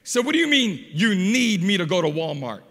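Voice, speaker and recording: A man preaching a sermon as an evangelist, telling stories with animated delivery and shouting at the high points. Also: a little fast, in a large hall. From Portuguese parents.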